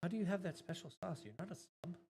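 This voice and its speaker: A middle-aged woman streaming live, chatting casually and breaking into loud exclamations. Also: on the low side, fast talker, a little hiss or hum.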